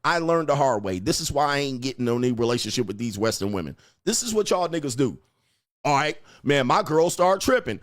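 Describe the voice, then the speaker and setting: A man's voice: a little high, very animated, fairly quick, no echo, studio quality. A man giving blunt, crude relationship advice in a mocking, preachy rant, answering viewer comments. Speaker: dating advice host.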